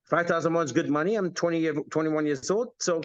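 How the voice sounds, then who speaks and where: Fifties guy coaching on network marketing, kinda high voice, dull dry lo-fi sound. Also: fast talker, dry recording. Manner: animated, acts out quoted voices. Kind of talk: motivational talk.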